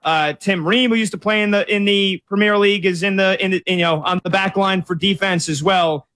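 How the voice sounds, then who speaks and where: A man co-hosting a sports talk show, casually breaking down soccer with lots of stats and quick self-corrections. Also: sits high, steady tone, sharp tone. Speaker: co-host sports analyst.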